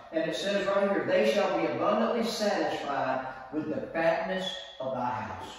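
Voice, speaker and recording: A man preaching in a big, echoey hall, his voice picked up from a distance. He talks in a high register and takes his time, often repeating phrases and putting questions to the congregation. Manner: emphatic, repeats himself, asks the listeners questions. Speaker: pastor. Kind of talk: sermon teaching. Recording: echoey hall, mic far off.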